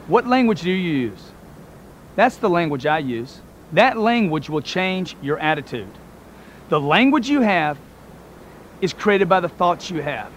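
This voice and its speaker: A man giving a motivational talk to camera, energetic, acting out everyday dialogues to make his point. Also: sits high, moderate pace, a little hiss or hum. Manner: energetic, acts out sample dialogues. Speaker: motivational speaker.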